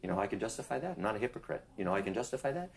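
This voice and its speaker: A man with a low voice preaching to someone face to face, pressing his points and asking "ready?" again and again. He acts out the quoted people with sudden jumps in pitch. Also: very animated, very fast, creaky, a crowd in the background. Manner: insistent, keeps asking "ready?". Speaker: street preacher. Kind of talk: preaching in conversation.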